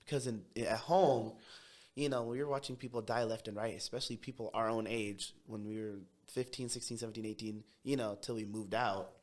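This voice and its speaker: A young man from Tacoma, a podcast guest telling his story in a quick, brash, animated way. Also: fairly low pitch. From Tacoma, Washington. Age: young adult. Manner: fast, brash city talker who speeds up when excited. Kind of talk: casual storytelling interview.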